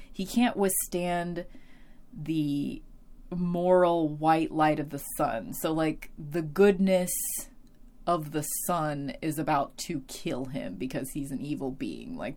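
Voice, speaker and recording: Low voiced woman ranting casually about a tv episode, lots of likes and ums, curses a bit. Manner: opinionated, animated, swears and laughs, many fillers. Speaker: TV episode reviewer. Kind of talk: casual commentary recap.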